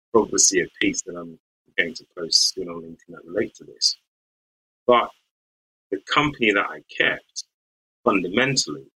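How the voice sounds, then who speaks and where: A bright, husky-voiced man from the English West Midlands, a lawyer guesting on a podcast, reminisces in a reflective interview. His voice sits on the low side and the audio is poor. He's thoughtful and searching, restarting often with light laughs.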